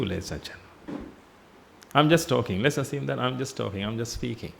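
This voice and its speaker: A man delivers a Buddhist sermon in a temple hall, his medium-pitched voice expressive, brisk and creaky over a faint hiss or hum. He teaches by repeating himself and posing rhetorical questions, lowering his voice whenever he says "ladies and gentlemen."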